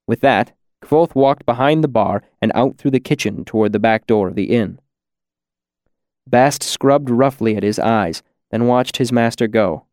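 A man reads an audiobook in a steady, unhurried manner, with a mid-range voice. The sound is close and dry, with no room around it. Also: medium pitch, no room sound. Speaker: audiobook narrator. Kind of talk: scripted narration.

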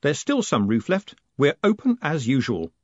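A man voicing a confident, brisk con man who speaks sharply and smoothly, in a dry, slightly muffled recording. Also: mid-range voice, huge pitch swings, darkish tone, no echo.

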